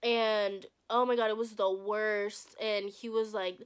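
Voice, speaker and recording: A woman's voice: medium pitch, level tone, measured pace, smooth. A young woman vlogger telling a personal story in a casual, blunt, profane way, acting out what people said. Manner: profane, blunt, acts out quoted voices.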